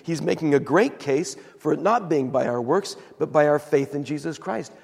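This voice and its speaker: A man preaching a sermon in a church, his slightly high voice gravelly and husky. He tells the story with animated retellings of the characters' words, and a long hall reverb trails behind him. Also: moderate pace, hardly any pauses. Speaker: pastor.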